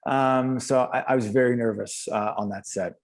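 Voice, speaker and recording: A man's voice: mid-range voice, steady tone, normal speed. A man, an actor, chatting as a guest in an interview and telling anecdotes with lots of fillers and restarts. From United States. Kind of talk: casual interview chat.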